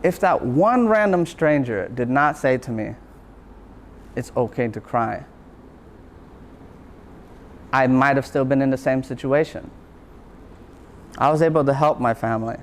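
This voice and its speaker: With a medium-pitched voice and slight background noise behind him, a university lecturer shares his own story in a motivational talk. He sounds sincere and reflective, driving points home by repeating phrases.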